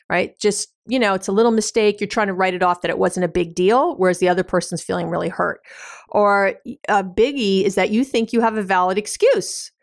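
This advice podcast host has a mid-range voice with fairly even intonation and talks fairly quickly. Her explanations are casual, full of everyday examples and frequent fillers, in a studio-quality recording with no echo.

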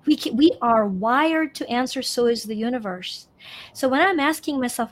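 Expressive woman from Ukraine, higher voice. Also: brisk. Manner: expressive, emphatic, repeats phrases for effect. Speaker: guest, possibility coach. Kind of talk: conversational interview.

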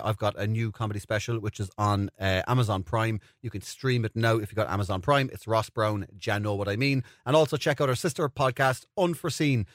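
A man's voice: medium pitch, no echo, clean studio sound. A man with an Irish accent hosting a comedy podcast, upbeat and joking, swearing casually. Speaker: podcast host.

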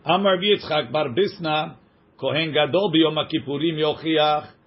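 A man teaching a text study class, reading passages quickly and translating them line by line, joking with his students. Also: fairly high pitch. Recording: dull lo-fi recording.

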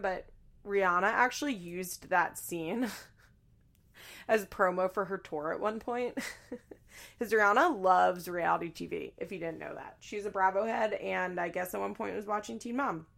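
Brief: young woman, casual recap host, vocal fry, lively and quick with impressions. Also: mid-range voice. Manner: chatty and animated, acting out quotes in shrieky voices. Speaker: podcast host recapping a reality show.

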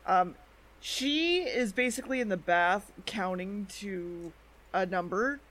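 Her pitch is medium and her tone fairly bright as she co-hosts a podcast recapping anime episodes. She speaks in a relaxed, chatty manner, using fillers and slipping in short quoted asides from the characters.

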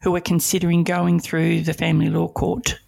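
A woman hosts the conversation and asks her questions gently and conversationally. Her voice has a husky, gravelly edge. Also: fairly low pitch, completely flat delivery, moderate pace. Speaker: podcast host. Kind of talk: casual interview.

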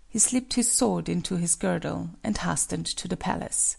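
A woman reading a folk tale as scripted narration, in a measured, solemn way. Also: lowish voice, vocal fry, a little mellow, husky. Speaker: storyteller.

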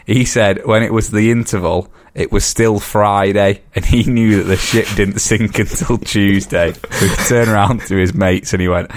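Casting: English man in his twenties, lowish voice, chatty host who stumbles over words. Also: steady tone, moderate pace, hardly any pauses. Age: 20s. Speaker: podcast host. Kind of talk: casual chat.

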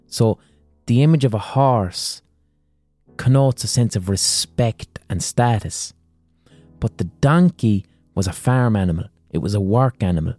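An Irish man retelling fables and old myths in a loose, chatty monologue, cursing freely and filling his talk with "like". His voice sits fairly low with a dark, mellow tone. The sound is close and dry. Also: no room sound. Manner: chatty, profane, frequent "like". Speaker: podcast host. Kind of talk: casual storytelling monologue.

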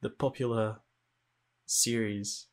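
A man's voice: on the low side, steady tone, slow pace. A man in casual gaming chat on a stream, laid-back, swearing casually and laughing often. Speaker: streamer co-host.

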